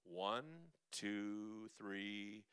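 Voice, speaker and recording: A man's voice: on the low side, monotone, drawn-out words, fairly bright tone, clean tone. A man coaching a group through breathing and humming exercises, upbeat and coaxing, demonstrating the sounds himself. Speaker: vocal coach. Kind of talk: leading a group vocal workshop. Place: church hall.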